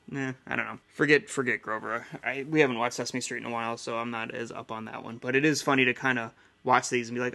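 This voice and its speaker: A man's voice: medium pitch, level tone, fairly quick, vocal fry, bright, forceful tone. A man in his thirties hosting a casual solo podcast, rambling and chatty with lots of fillers. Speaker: podcast host.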